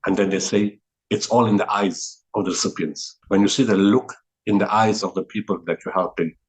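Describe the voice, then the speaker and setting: A man with a somewhat low voice speaks as an interview guest. He talks earnestly and steadily, often restarting phrases and repeating words as he recounts a teaching. His delivery stays sincere throughout. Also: fairly even intonation, fairly quick, poor audio. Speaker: guest, humanitarian relief founder.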